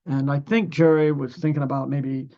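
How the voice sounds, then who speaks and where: Dull audio carries a medium-pitched voice with fairly even intonation at normal speed: an older man from Ohio, USA, a musician guest. His conversational storytelling meanders through anecdotes with many restarts and fillers, acting out other people's lines as he goes.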